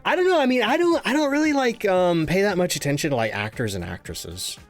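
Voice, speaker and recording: A man's voice: high voice, big pitch swings, brisk. A man streaming live, chatting casually, reading chat aloud and thanking subscribers, often laughing. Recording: faint game music behind the voice.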